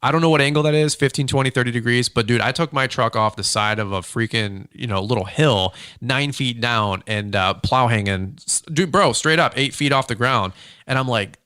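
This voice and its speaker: Male podcast host, bright and punchy tone, excitable storyteller, dry close sound. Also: medium pitch, brisk, clean tone, no echo. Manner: excitable, slangy, talks in bursts with restarts. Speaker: podcast host, lawn care business owner. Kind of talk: casual storytelling chat.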